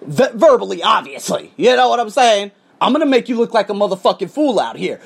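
Guy on a profane rant to his viewers, voice leaping up and dropping way down, loud bursts then low mutters. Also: very animated, fairly quick, creaky, slightly rough. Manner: heated, profane, swinging between loud outbursts and low muttered asides. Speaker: English teacher and podcaster. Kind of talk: casual ranting monologue to viewers.

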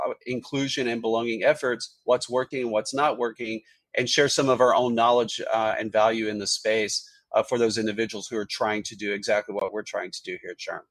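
A man, an HR executive, answering podcast interview questions in a measured, corporate way with frequent fillers. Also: lowish voice, flat delivery, fairly bright tone, dry recording. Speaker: HR executive guest.

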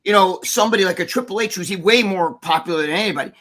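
A man spinning a story on a podcast with a high, bright and forceful voice. He is animated and swears as he goes, slipping into the voices of the people he quotes. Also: fast talker. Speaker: podcast guest.

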